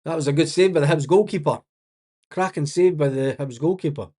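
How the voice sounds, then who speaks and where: A man's voice: a little high, fairly quick, dark tone, breathy edge. A man giving blunt, exasperated live match commentary as a watch-along host, swearing freely and laughing often.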